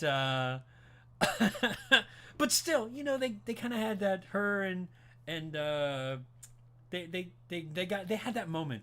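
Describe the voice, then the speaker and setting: A man's voice: a little high, sharp tone. A man in his late forties or fifties hosting an anime talk stream, chatting casually and animatedly, rambling with frequent restarts, and laughing as he answers his chat. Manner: laughs while talking, reads chat aloud. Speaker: podcast host.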